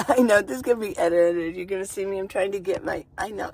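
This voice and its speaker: A woman vlogger talking casually to camera from inside her van, chatty and goofy, rambling fast and laughing often. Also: medium pitch, lively intonation, gravelly. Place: inside a minivan.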